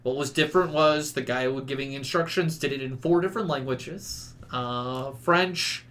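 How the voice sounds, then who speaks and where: A man's voice: mid-range voice, moderate pace. A man telling trip stories in casual podcast chat, acting out quotes and laughing as he goes. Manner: animated storyteller, acts out quotes with laughter. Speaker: podcast guest recounting a trip.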